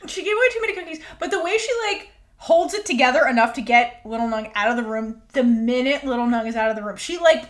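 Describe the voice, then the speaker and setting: A woman's voice: on the high side, animated, fast, hardly any pauses. A woman co-hosting a podcast, recapping an episode in casual chat, acting out quotes, swearing and laughing often. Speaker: podcast co-host.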